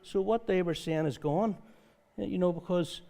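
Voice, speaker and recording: A man preaching a conversational sermon at a church service, reading scripture and telling stories in a lively way. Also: sits high, moderate pace, gravelly. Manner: lively storytelling, reads scripture aloud. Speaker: pastor.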